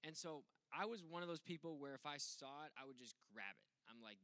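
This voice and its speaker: A man's voice: medium pitch, quick pace, hardly any pauses, pushed and bright, clean tone, no echo. A young adult man preaching a casual sermon as a pastor, telling stories in a joking, self-mocking way.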